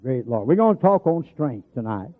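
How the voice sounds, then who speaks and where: A man's voice: mid-range voice, sing-song, moderate pace. A man preaching a sermon, telling folksy stories and stretching out emphatic lines. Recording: tinny lo-fi broadcast sound.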